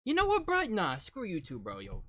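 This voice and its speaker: A man casually talking through a live-stream reaction, teasing his viewers, laughing and jumping suddenly from quiet to loud. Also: a little high, wildly swooping pitch, moderate pace, heavy background noise. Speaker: streamer reacting to music videos.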